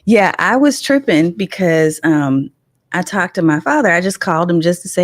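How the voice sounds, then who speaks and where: A middle-aged woman, hosting a casual livestream and telling animated stories while greeting viewers. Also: fairly low pitch, moderate pace, no room sound, clean studio sound. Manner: animated storytelling, greets chat viewers, laughs often. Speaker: livestream host.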